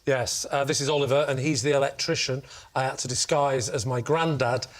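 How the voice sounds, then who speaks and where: A man telling a comic anecdote on a television panel show, with quick jokey asides. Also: mid-range voice, fairly even intonation. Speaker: panel show team captain. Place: TV studio. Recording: loud studio audience laughter.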